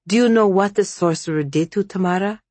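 A woman voicing a stubborn young heroine in a storybook reading, speaking earnestly and challenging, somewhat higher than her low narrating voice. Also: a little fast, a little mellow, no room sound, lightly acted. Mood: defiant.

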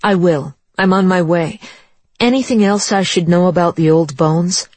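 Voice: mid-range voice, moderate pace, dry recording, lightly acted. A narrator doing a polite woman officer. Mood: measured. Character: woman police officer, respectful, measured.

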